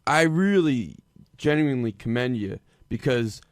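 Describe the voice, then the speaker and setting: Male panelist, halting and stammering, mid pitch. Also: animated, no echo, clean studio sound. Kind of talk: radio studio chat.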